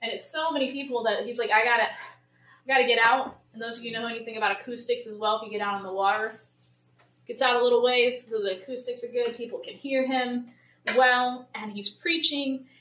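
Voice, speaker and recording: Chatty woman teaching scripture, bright and higher voice, sounds far off in an echoey church hall. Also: a little fast, a little hiss or hum. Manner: chatty, paraphrases in lively voices. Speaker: Bible study leader. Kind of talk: casual Bible teaching to a congregation. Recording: roomy church hall, mic at a distance.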